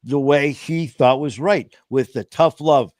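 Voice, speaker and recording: A man hosts a casual talk stream with impassioned, rambling storytelling. His voice sits at an ordinary middle pitch, and the filler words keep piling up. The sound is dry and close, with no room echo. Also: measured pace, a little mellow. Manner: impassioned, rambling, heavy with "you know" fillers. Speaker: host of a recovery talk stream.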